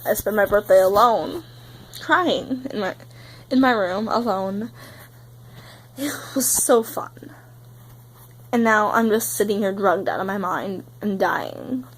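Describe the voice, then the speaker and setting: A breathy teenage girl on the verge of tears, rambling through a confessional vlog. Her voice sits at an ordinary middle pitch, with an airy, husky edge, and she fills her sentences with "like.". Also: lively intonation, a little slow, poor audio. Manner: tearful, rambling, heavy use of "like". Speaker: vlogger.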